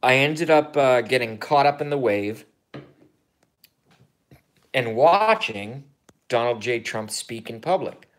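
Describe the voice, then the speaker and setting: A man in his thirties rambling through a political vlog monologue, excitable and profane, swinging from mumbled asides to loud outbursts and repeating himself. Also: medium pitch, slow, long pauses. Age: 30s. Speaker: YouTuber.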